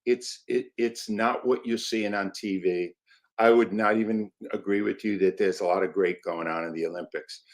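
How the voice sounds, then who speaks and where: A man's voice: on the low side, steady tone, normal speed. An older man, a sports writer guest on a talk show, delivering firm contrarian opinions in short declarative sentences.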